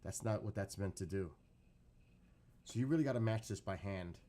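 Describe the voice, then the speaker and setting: A man with a fairly low speaking voice chats about a home-cooked dish in a loose, rambling way. He gets excited, repeats himself, and backtracks to correct his steps as he explains. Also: moderate pace. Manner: excitable, keeps repeating how hungry he is. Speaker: streamer reacting to his own cooking clip. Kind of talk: casual chat and recipe explanation.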